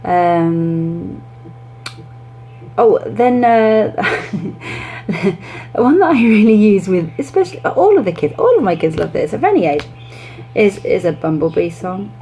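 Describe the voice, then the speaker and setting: Mellow-voiced chatty woman teacher. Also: mid-range voice, slow pace, long pauses, faint music behind, rough recording. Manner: chatty, with lively acted-out classroom demonstrations. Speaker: English teacher. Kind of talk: teaching tips to camera.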